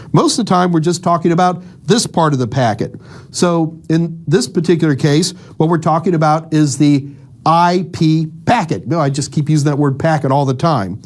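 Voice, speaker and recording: Lively man explaining tech. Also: fairly high pitch, normal speed. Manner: lively, acts out little dialogues in analogies. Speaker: instructor. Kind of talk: casual explanatory lecture.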